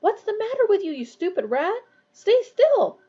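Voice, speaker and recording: A woman's voice: extremely high pitch, fairly quick, muffled recording, voice pushed up. A woman reading aloud voices a hot-tempered teenage boy who hisses and scolds in a panic. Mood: frantic. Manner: hissing, scolding.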